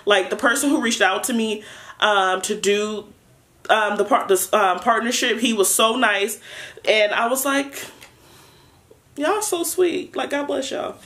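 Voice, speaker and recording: A young adult woman chatting through a casual unboxing vlog, excitable and playful with lots of slang. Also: medium pitch. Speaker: vlogger.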